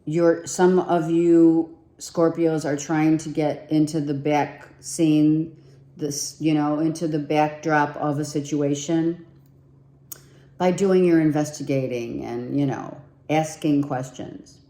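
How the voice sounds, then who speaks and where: A woman with a low, warm voice and fairly even intonation gives her viewers a casual tarot reading, speaking slowly in a roomy-sounding space. She's chatty and repetitive, thinking aloud while pulling cards, and her voice is nearly giving out.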